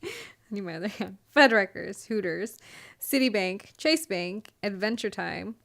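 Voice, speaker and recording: Creaky-voiced young woman co-host. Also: mid-range voice. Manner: teasing, laughs often. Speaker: podcast co-host. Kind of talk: casual conversation.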